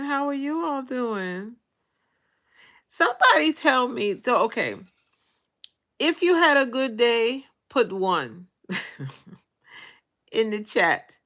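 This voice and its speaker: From her bedroom, a vlog host in her 60s from the United States chats unhurriedly with her livestream audience, her voice fairly high, bright, and clear. She keeps things loose, calling out viewer names as her phone records.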